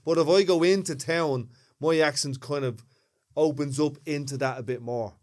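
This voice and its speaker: Smooth-voiced Dublin man, reflective. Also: a little high, moderate pace, a little mellow. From Dublin, Ireland. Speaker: podcast co-host. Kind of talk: casual chat.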